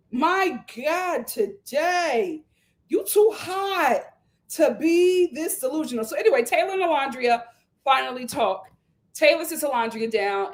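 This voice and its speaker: High-voiced, sassy young woman recapping. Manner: animated, sassy and slangy, jumps into mimicking the cast. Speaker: reality show recap host. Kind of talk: live casual recap commentary.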